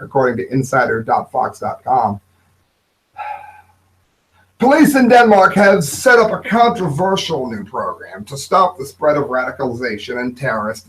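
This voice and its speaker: Give me a sarcastic male commentary host with a lively, fairly high voice who keeps breaking into shouts. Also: rough recording. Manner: animated, with sudden shouted outbursts; mocking and sarcastic. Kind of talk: opinion commentary.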